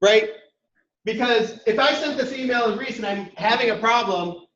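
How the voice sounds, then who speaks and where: A man's voice: very high-pitched, moderate pace, fairly bright tone. A man leading a classroom workshop, talking directly and conversationally while taking questions from the room. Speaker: workshop instructor. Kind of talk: interactive classroom talk. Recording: echoey room, dull lo-fi sound.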